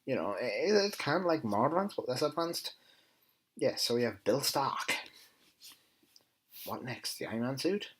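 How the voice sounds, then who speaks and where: A man talks through a TV episode in a casual, enthusiastic way. His voice swings up and down a lot and has a faintly husky grain. Now and then he mutters quieter asides. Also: medium pitch, animated, measured pace, pauses often, rough recording. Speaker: TV episode reviewer. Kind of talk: casual spoken review.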